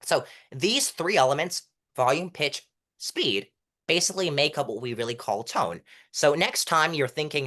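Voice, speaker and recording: A young man with a stuffy nose explaining public speaking technique as an interview guest, demonstrating changes in loudness and pitch as he goes. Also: lively intonation. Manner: self-admitted fast talker. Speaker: interview guest, mock trial coach.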